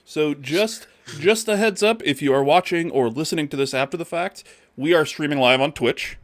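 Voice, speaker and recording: A man's voice: on the high side, moderate pace, no echo. A man co-hosting a podcast, chatting casually on a live stream, rambling with restarts and easy swearing. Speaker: podcast co-host.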